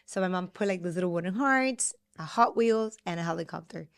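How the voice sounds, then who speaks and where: A woman's voice: lowish voice, fairly quick, gravelly. A woman in her thirties co-hosting a casual podcast, chatting and acting out family quotes. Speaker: podcast co-host. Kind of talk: casual chat.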